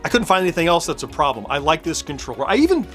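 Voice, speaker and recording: A man's voice: fairly high pitch, big pitch swings, racing, a bit bright, soft background music. Chatty middle-aged man playing retro games. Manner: chatty, laughs often, thinks aloud while playing. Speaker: retro gaming video host. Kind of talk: casual gameplay commentary.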